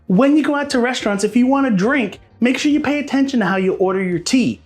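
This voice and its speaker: A man's voice: very high voice, animated, quick pace. A man from Pennsylvania, a realtor, giving friendly, chatty advice straight to camera in a casual vlog. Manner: friendly, chatty, addresses viewers as guys. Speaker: realtor and local vlogger.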